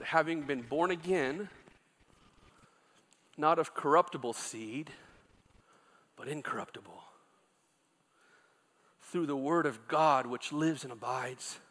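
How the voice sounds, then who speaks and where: A middle-aged male pastor preaching a sermon, telling a story quietly, then rising into loud, impassioned exhortation. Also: mid-range voice.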